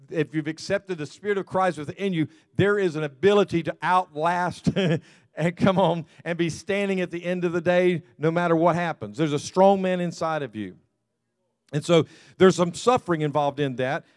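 A male pastor from the American South preaches in an easygoing, conversational way, circling back to repeat his key words. His voice sits fairly high for a man. The recording is dry and close, with little room sound. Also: no echo. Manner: conversational, repeats phrases, light humor with the congregation. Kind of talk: sermon.

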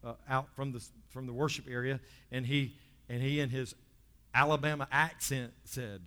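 A male pastor preaching a lively sermon, dropping low and quiet for stories and rising loud to exhort the church. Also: moderate pace, clean tone, long reverb tail. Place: church sanctuary.

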